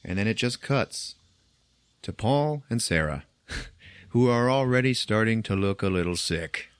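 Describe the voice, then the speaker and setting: A man's voice: lowish voice, lively intonation, measured pace, smooth, no room sound. A man hosting a podcast, casually retelling a movie's plot, acting out the characters' lines and laughing often. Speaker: podcast host. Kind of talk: casual film recap.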